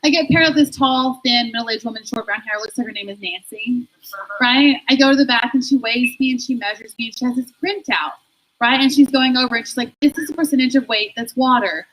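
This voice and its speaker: A woman's voice: a little high, a little fast, a bit bright, rough recording. A woman performing a stand-up comedy set, self-deprecating and laughing through her own jokes.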